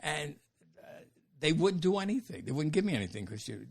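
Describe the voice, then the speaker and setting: This older comedian from New York has a fairly high, gravelly voice and talks fairly quickly. Swearing freely in a relaxed interview, he animatedly tells profane stories and performs the voices of the characters he quotes.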